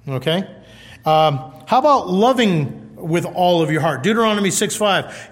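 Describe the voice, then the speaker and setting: Male pastor, high voice, chatty animated sermon, long hall reverb. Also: unhurried. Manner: conversational, animated, reads scripture aloud.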